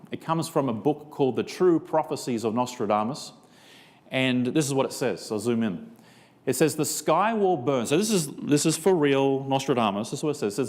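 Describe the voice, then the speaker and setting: A man's voice: medium pitch, a little mellow, long reverb tail. A man preaching a seminar sermon, telling a story and acting out both sides of a conversation. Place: church.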